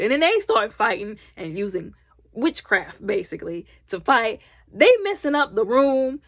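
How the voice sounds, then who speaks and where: A woman recapping a movie in a loud, chatty way, slipping into the characters' lines as she retells scenes. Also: mid-range voice, very animated, moderate pace, no echo, clean studio sound. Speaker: movie reviewer.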